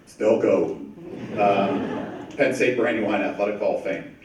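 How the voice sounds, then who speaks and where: A man giving an emotional, halting hall of fame speech, laughing through his emotion. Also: on the low side, noisy background. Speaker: hall of fame presenter, former player and coach. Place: large echoey banquet room. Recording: echoey hall, distant mic.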